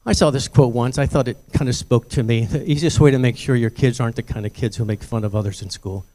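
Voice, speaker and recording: A man's voice: medium pitch, fast, dark tone. An older man giving a conversational presentation to parents about bullying prevention, telling stories from his own life. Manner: conversational storytelling, acting out voices in anecdotes.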